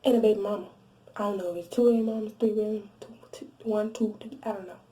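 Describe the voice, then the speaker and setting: A young woman vlogger telling a casual storytime, animated and blunt, swearing freely and restarting her sentences. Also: mid-range voice, quick pace, recorded from a distance. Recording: roomy echo, voice set back from the mic.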